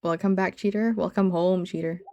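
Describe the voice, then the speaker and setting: A woman's voice: lowish voice, steady tone, normal speed, mellow, dull audio. A woman streamer chatting casually with her viewers in a teasing, giggly way, often saying she's only kidding.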